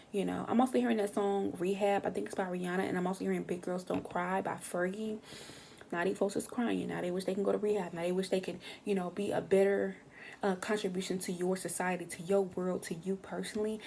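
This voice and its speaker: A woman's voice: mid-range voice, steady tone, brisk, vocal fry, dark tone, slight background noise. A young woman giving a casual tarot reading, brash and slangy, swearing freely and acting out what other people say. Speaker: tarot reader.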